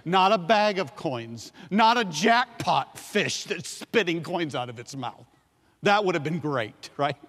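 A man with a somewhat high voice preaches to a congregation, repeating key phrases and asking them to say lines back. He pushes up for emphasis and then falls to near-hushed tones. His voice rings out with the long reverb of a big sanctuary. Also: expressive, slow. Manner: call-and-response, repeats key phrases, swings from loud to hushed. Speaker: pastor. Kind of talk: sermon.

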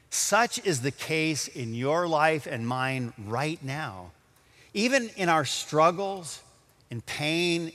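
A man preaching a sermon as a pastor, telling stories and building to emphatic, rising peaks. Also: a little high. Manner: animated, storytelling with rising emphasis. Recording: long hall reverb.

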